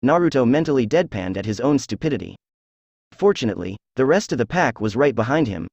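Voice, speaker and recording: A man reading fan fiction aloud as narrator, in a steady, even storytelling voice. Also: mid-range voice, brisk, vocal fry, dry recording.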